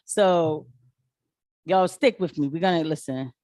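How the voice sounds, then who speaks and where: Animated woman telling nurse stories. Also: low voice, takes it slowly, dry recording, studio quality. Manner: animated storytelling with quoted voices. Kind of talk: casual commentary vlog.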